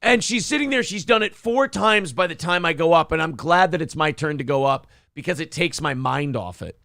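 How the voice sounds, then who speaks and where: A man's voice: a little high, expressive, normal speed, creaky, sharp tone, no echo, studio quality. A man hosting a morning show, telling a story as a profane, heated rant. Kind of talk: casual podcast chat.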